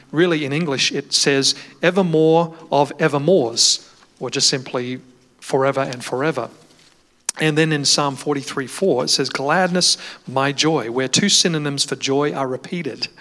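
Brief: male Bible study teacher, bright forward tone, measured with fillers, long hall reverb. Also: a little high. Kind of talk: Bible lesson discussion.

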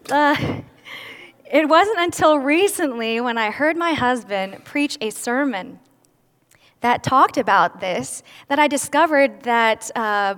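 A woman's voice: high-pitched, a bit bright. A woman giving a candid personal testimony at a church service, with self-deprecating humor. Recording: long reverb of a large hall.

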